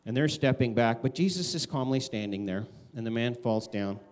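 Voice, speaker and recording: A man preaching a conversational sermon, animated, acting out quoted voices with big swings. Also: medium pitch, normal speed. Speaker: pastor.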